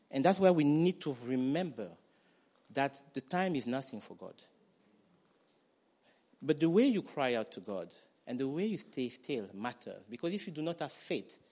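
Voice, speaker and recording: A man preaching a sermon, animated, acting out quoted voices and building to loud declarations. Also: a little high. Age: adult parent.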